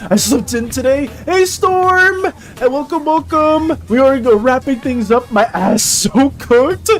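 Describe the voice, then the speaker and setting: With faint music behind, an art streamer with a high voice chats slowly and casually with viewers during a live stream, piling on filler and playful mock outrage.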